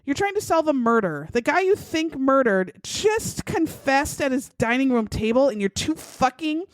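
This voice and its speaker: Animated, profane woman podcaster. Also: high voice, normal speed, dry recording. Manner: outraged, profane, animated storytelling. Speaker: podcast co-host. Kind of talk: casual true-crime chat.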